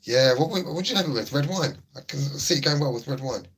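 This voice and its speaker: Chatty man, husky and bright. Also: mid-range voice, expressive, quick pace. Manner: chatty, repeats himself, laid-back banter. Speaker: livestream host. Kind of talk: casual livestream chat, reading chat.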